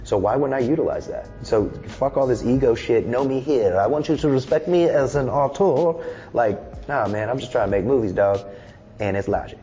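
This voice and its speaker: A man's voice: medium pitch, moderate pace, warm tone, highs cut off, soft background music. A man in his thirties talking in a casual interview, loose, candid and often swearing. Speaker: musician and film director, guest.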